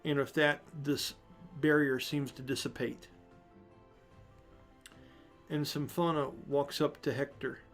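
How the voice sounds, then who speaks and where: A man's voice: fairly high pitch, slow, pauses often, faint music behind. Laid-back male game master narrating. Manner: relaxed improvised narration with fillers.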